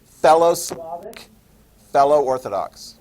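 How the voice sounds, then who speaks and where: A man's voice: fairly high pitch, expressive, slow pace, darkish tone. A man teaching a history class, casual and joking, asking students questions. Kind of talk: classroom lecture.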